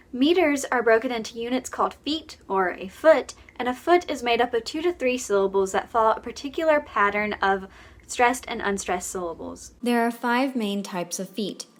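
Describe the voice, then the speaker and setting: Brief: young female tutorial host, measured scripted delivery, clear and even. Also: mid-range voice. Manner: clear, measured, reads out terms and examples one by one. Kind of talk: scripted explainer narration.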